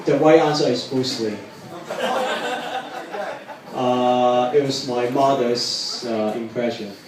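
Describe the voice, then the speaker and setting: A man in his twenties doing a stand-up set, deadpan and self-mocking, with lots of "you know, uh" fillers. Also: mid-range voice, takes it slowly. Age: 20s. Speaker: stand-up comedian. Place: hotel pub venue, indoors, live audience. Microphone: far audience camera. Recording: echoey room, far mic, crowd noise.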